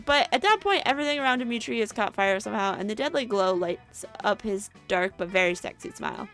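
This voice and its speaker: A woman's voice: mid-range voice, expressive, fast, a bit bright, faint music behind. A woman narrating a comedic dating-sim playthrough in a playful storytelling manner. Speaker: narrator and player.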